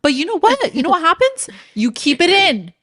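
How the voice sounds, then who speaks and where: A woman's voice: very high-pitched, sing-song, brisk, a bit bright, dry recording, studio quality. A woman co-hosting a podcast, chatting casually and telling stories animatedly, acting out both sides and tagging lines with "okay?". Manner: frequent laughter and "okay?" tags. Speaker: podcast co-host. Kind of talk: casual chat.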